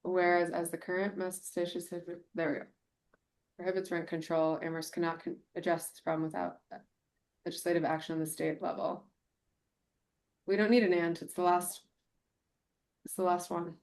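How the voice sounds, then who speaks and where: A woman chairing a town committee meeting, informal and brisk, thinking aloud as she edits a document. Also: lowish voice, little pitch movement, darkish tone. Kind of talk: casual meeting talk.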